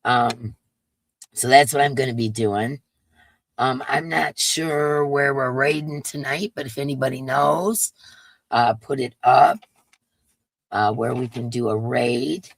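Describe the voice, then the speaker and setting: A congested woman with a drawl, her nose stuffy, talks casually with her viewers and greets them by name. Her voice has a gravelly fry running through it. The recording is dry and close, with no room sound. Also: a bass voice, slow pace, no echo. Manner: chatty, greets viewers one by one. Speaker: live stream host.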